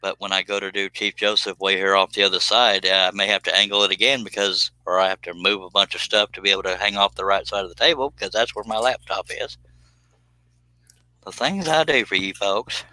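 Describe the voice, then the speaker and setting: Bright joking man streaming. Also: fairly low pitch, steady tone, fairly quick, no echo, poor audio. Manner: joking, rambling, teasing. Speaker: live stream host. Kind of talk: casual live stream chat.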